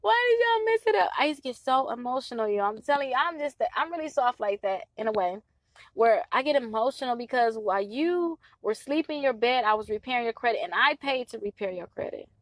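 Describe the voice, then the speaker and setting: A woman's voice: a little high, brisk, no echo. A woman in her thirties coaching on credit repair in a casual, chatty talk to her followers, pleading and emphatic. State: stuffy nose from allergies.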